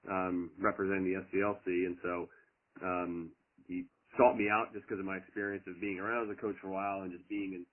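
Deep-voiced middle-aged coach on phone. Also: male voice, level tone, a little fast. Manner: earnest, meandering, many fillers. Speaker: guest, college lacrosse head coach. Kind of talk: casual interview answers. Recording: tinny phone line.

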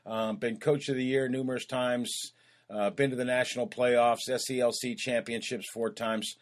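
A man's voice: mid-range voice, steady tone, normal speed. A man hosting a lacrosse coaching podcast, introducing a guest in a rambling way with many fillers and restarts.

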